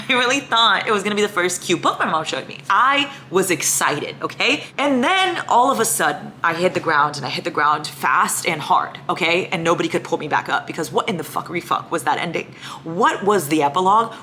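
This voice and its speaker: Young adult woman, lowish voice, animated book-vlog ranter, faint room noise. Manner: animated, ranting, swears freely. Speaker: book vlogger. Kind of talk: casual reading vlog chat.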